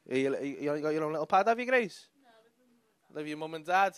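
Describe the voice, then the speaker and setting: Brash Liverpool comedian, bright high voice. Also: male voice, very animated, normal speed, some chatter behind, a little hiss or hum. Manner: brash, teasing, sweary banter with the audience. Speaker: stand-up comedian. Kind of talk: stand-up crowd work. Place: comedy club stage.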